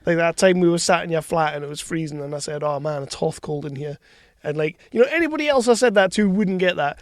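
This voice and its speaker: A man's voice: high-pitched, fast talker, no room sound, clean studio sound. A man co-hosting a film podcast, chatting casually, laughing and swearing as he acts out movie quotes. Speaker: podcast co-host. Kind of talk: casual banter.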